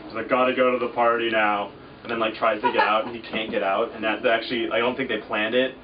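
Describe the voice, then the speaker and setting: A young man guesting in a casual interview, relaxed and rambling, trailing off with fillers. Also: lowish voice, fast talker. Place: at an outdoor festival. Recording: distant lo-fi mic with clear background noise.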